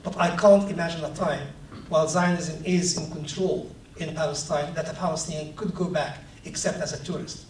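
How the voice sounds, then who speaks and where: A man speaking thoughtfully in a discussion, pausing and repeating words as he works through his point. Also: a little high, steady tone, roomy sound, far from the mic, slight background noise, poor audio. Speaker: panel speaker. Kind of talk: reflective discussion.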